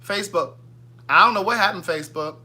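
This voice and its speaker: This livestream host speaks with a high voice at a quick clip. He's a man with a Southern US accent, chatting casually and gossipily while reading viewers' comments aloud.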